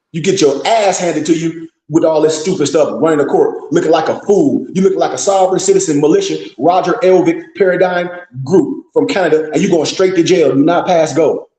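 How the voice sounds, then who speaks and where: A man's voice: a little high, dark tone, reverberant. A man hosting a live discussion, lecturing in a blunt, profane, scolding way. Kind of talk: impassioned lecture-style talk.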